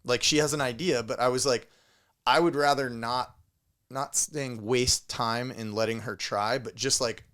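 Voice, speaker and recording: A man's voice: medium pitch, unhurried. A man co-hosting a casual podcast, telling a story with lots of swearing and acted-out noises. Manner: animated storyteller, swears a lot, acts out sounds. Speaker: podcast co-host.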